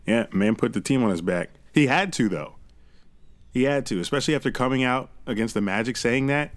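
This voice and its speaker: Animated, swearing podcast man. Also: medium pitch, no echo. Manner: animated, swears freely, quick asides. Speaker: podcast co-host. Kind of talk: casual sports chat.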